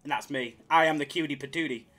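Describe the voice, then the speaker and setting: An excitable man talks loosely through his live slots stream, mocking himself and swearing as he answers the chat. His voice sits fairly high and sounds bright and forceful. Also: fast talker.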